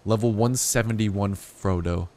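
Over a faint hiss or hum, a young gaming YouTuber with a voice on the low side speaks a little slowly. He keeps his commentary jokey and casual, wandering into asides and breaking out in excited outbursts.

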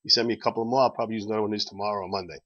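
A man's voice: on the low side, steady tone, racing, a bit bright, muffled recording. A man hosting a casual promotional video chat for his bar, rambling and chuckling as he sways in and out of frame. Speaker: bar owner and vlog host.

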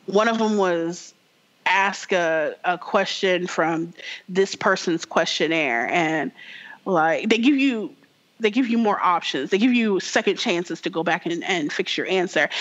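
A woman's voice: lowish voice, measured pace, fairly bright tone, muffled recording. A woman co-hosting a podcast in casual chat, telling a story animatedly with lots of fillers and acting out the characters. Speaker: podcast co-host.

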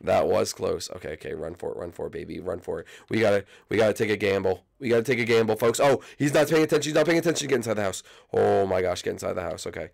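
A young man giving excited, repetitive game commentary, jumping to squeaky shouts now and then. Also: quick pace, vocal fry, few pauses. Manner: hyped, repeats phrases, jumps to squeaky shouts. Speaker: gaming YouTuber.

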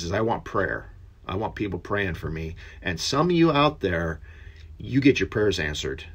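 Guy with a lowish voice doing a laid-back bible study, earnest, lots of ums and uhs. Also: fairly bright tone, husky. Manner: earnest, rambling, with many fillers. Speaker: lay Bible teacher. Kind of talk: casual Bible study talk.

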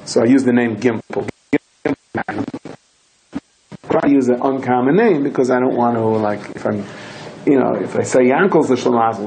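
A rabbi with a mid-pitched voice gives a Torah talk built around stories, told with energy as he slips into his characters' voices and shouts their quoted lines. The recording is gravelly and low in quality, with faint ambient noise sitting quietly in the background.

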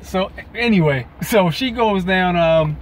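A man's voice: sits high, a little slow, slight background noise. A man venting in a profane, rambling commentary to his viewers. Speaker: video blogger. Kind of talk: ranting commentary to camera.

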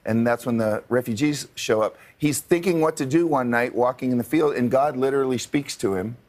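A man's voice: medium pitch, fairly quick, a little mellow. A man as an actor guest on a morning talk show, telling a story in a rambling way with many restarts and fillers. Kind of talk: casual talk show interview. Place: television studio.

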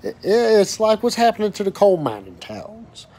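A man's voice: sits high, very animated, moderate pace, mellow. Fired-up, foul-mouthed man. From West Texas. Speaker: oil and gas worker vlogger. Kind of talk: angry profane rant to camera.

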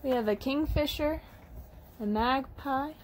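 A woman's voice: high voice, a little slow, a little hiss or hum. A woman teaching toddlers at storytime, reading aloud in an encouraging, sing-song way. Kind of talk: storytime lesson for young children.

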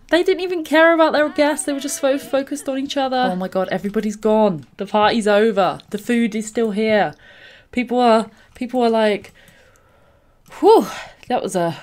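A young woman hosts a let's play, her high voice gushing with excitable gameplay commentary and constant exclamations.

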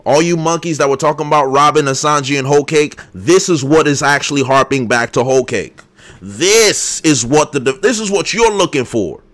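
A man voicing a cool, blunt young male pirate cook in a gruff, dismissive way while reading a comic aloud. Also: on the high side, moderate pace, fairly bright tone, voice pushed down, lightly acted. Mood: scolding.

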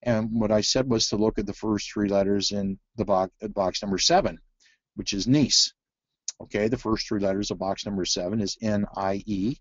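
A man's voice: on the low side, steady tone, normal speed, no room sound, highs cut off. A man teaching a phonics webinar, talking through word activities with many fillers and restarts. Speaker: reading teacher presenting a webinar. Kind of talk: webinar presentation.

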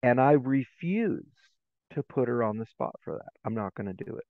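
Heard over a tinny, phone-like remote line with no echo, a middle-aged guest educator in a podcast interview tells stories in an animated way, acting out the voices within them. His voice is mid-range and his pace moderate.

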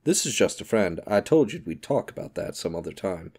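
A man's voice: deep voice, sing-song, fairly quick, darkish tone, slightly rough, heavily acted. A man reading the part of a charming, evasive rich young man in an audiobook, speaking politely and reassuringly. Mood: hasty.

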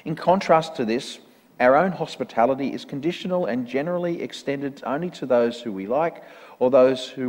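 Man, church reader, measured and earnest storytelling, mid-pitched voice, long hall reverb. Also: a little mellow. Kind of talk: reading a parable aloud.

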